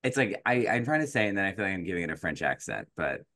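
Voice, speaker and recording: A man with a very low voice co-hosts a podcast in easygoing chat. He rambles, restarting thoughts and filling gaps with "like" and "uh." The sound is dry and close. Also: very animated, fast talker, bright, forceful tone, no echo. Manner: rambling, many fillers and restarts. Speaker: podcast co-host. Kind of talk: casual chat.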